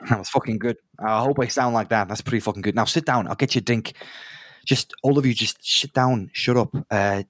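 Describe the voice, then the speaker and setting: A man's voice: fairly low pitch, brisk, a bit bright, no room sound, studio quality. A man voicing a jumpy, foul-mouthed young male innkeeper who snaps and swears. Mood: grudging. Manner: swears constantly, snappy and flustered.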